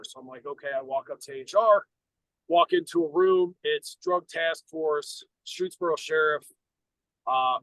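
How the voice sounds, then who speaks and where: A middle-aged American man tells a personal story on a podcast, bluntly and full of profanity, circling back and restarting his sentences. His voice sits a little higher than most men's. The sound is dry and close, with no room behind it. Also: a bit bright, no room sound, poor audio. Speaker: podcast co-host. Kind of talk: casual storytelling.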